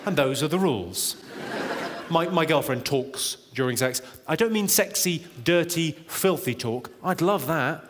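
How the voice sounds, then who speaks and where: A man doing stand-up comedy with a deadpan delivery and working the crowd in a large theatre. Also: a little high, unhurried, noisy background. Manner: deadpan, crowd work with the audience. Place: large theatre with a laughing audience. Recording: live theatre recording with long reverb and loud crowd laughter.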